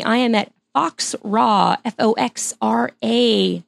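Woman podcast guest, chatty and giggly, slightly high voice. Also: slow pace, gravelly. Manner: chatty, laughs often, restarts sentences. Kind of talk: casual interview chat.

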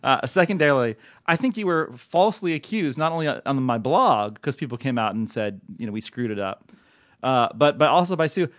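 Male podcast host, lively jokey delivery, dry close sound. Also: medium pitch, brisk, no room sound. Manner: animated, joking, reads letters aloud with flair. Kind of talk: casual podcast chat.

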